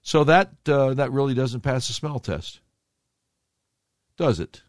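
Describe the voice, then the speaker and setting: A man's voice: medium pitch, expressive, slow pace, pauses often, dry recording, clean studio sound. A man hosting a podcast, giving rambling, sarcastic commentary with slangy asides. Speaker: podcast host.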